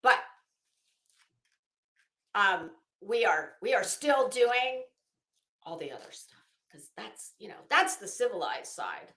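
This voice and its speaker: A woman's voice: mid-range voice, big pitch swings, takes it slowly, long pauses, a bit bright, roomy sound. A middle-aged woman hosting a casual livestream, blunt and chatty, greeting viewers by name. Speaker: livestream host.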